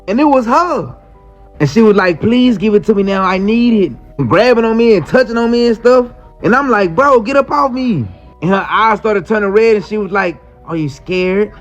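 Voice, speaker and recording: A man casually telling a wild personal story in slangy speech, acting out the quoted lines. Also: high-pitched. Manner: animated, slangy, acts out quotes. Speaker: storyteller in a clip. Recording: muffled clip with faint music.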